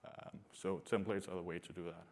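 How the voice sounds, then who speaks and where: A man giving a technical conference talk to a room, speaking in a halting way with many filler sounds. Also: low-pitched, level tone, gravelly, darkish tone. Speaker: conference presenter.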